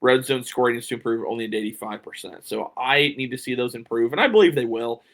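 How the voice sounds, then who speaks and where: Male podcast host, solo, middle pitch, casual and opinionated, a little sleepy, lots of ums. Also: fast talker, fairly bright tone. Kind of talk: solo sports preview talk.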